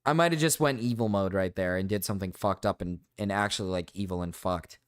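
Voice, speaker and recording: A man's voice: low voice, fast talker. A man streaming live, chatting casually in a rambling, blunt way, full of fillers and swearing. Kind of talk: casual livestream chat.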